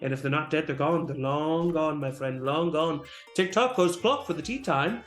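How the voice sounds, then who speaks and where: A man's voice: a little high, moderate pace, lightly acted. A man voicing an unhinged male dragonborn noble who rambles in sing-song repetitions and rhymes. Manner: sing-song muttering, repeats words, rhymes. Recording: roomy with faint music.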